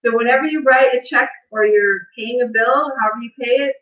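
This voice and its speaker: A woman's voice: fairly high pitch, brisk. A woman hosting a live stream, giving an earnest, emotional motivational talk to viewers; she is tearful and laughs often. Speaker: host of a live stream on wealth. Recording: distant roomy mic, dull sound.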